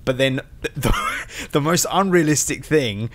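Animated British man reviewing a film. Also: mid-range voice, measured pace. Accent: British English. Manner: animated, swearing, frequent restarts. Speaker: podcast co-host. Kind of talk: casual film review chat.

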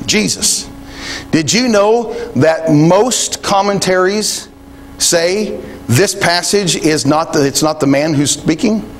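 A man's voice: high-pitched, takes it slowly, a little hiss or hum. A man preaching a sermon in a conversational way, thinking aloud with frequent restarts and quoting scripture. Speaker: pastor.

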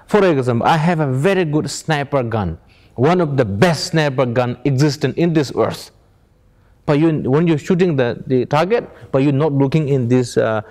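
A man speaking plain non-native English gives an informal meditation teaching to an audience, posing rhetorical questions and chuckling while he tells stories. His voice is a little high and a little mellow.

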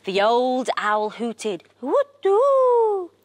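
Slow, expressive woman reading a children's story. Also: mid-range voice, no echo. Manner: expressive, animated. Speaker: children's TV presenter.

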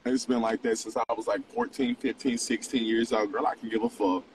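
A man's voice: medium pitch, flat delivery, fairly quick, far from the mic, noisy background. A young man in his twenties hosting a livestream, mixing mock preaching with profane, confessional casual talk. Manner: profane, preachy, swings between teasing and confessional. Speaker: livestream host.

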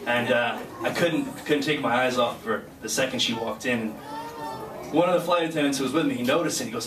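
At a graduation ceremony, the flight crew member serving as guest speaker talks quickly in a medium pitch. His personal speech is an earnest, chatty story with laughter along the way, and the distant mic catches a noisy, echoing hall.

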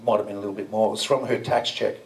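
This conference speaker, founder of a crypto business, races through a casual story for the audience at an indoor venue, adding rambling asides and mild swearing. His lowish voice holds a steady tone, though the distant mic makes for a low-quality recording.

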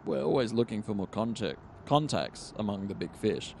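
A man's voice: fairly low pitch, big pitch swings, moderate pace, gravelly, a little mellow, a little hiss or hum. A man voicing a sardonic male vampire fixer who talks in a dry, condescending way. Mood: smug.

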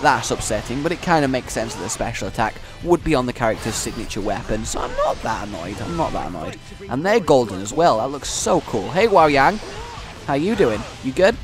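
Playful young man with lively pitch. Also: fairly quick, over music. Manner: playful, taunts enemies in mock-heroic lines. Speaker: gaming YouTuber. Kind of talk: gameplay commentary.

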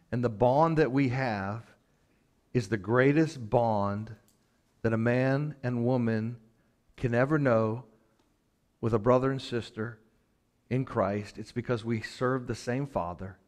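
A medium-pitched man, a pastor, gives a church sermon whose passion keeps rising. He asks the congregation pointed questions and then lowers himself to a soft, slow voice.

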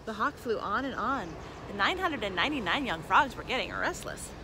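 A woman reading a children's picture book aloud with slow, expressive storytelling, with background noise. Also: mid-range voice. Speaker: storybook reader.

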